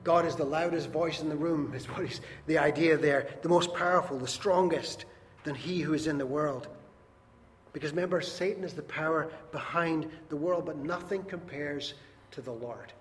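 A man preaching a sermon in a church hall, earnest and emphatic, rising loud and dropping soft. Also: a little high, normal speed. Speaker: pastor. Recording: long reverb, faint background noise.

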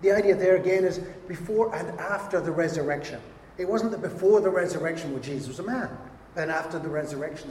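Animated male pastor in echoey hall. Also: fairly high pitch, quick pace, slight background noise. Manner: animated, acts out quoted voices. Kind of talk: sermon. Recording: echoey hall with faint ambience.

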